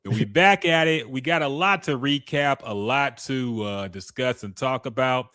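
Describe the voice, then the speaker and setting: A man's voice: mid-range voice, normal speed, no room sound. Chill guy hosting a sports pod, mid voice, dry close sound, swears a bit. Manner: relaxed, loose, swears casually, blanks on names. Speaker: podcast co-host. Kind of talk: casual sports chat.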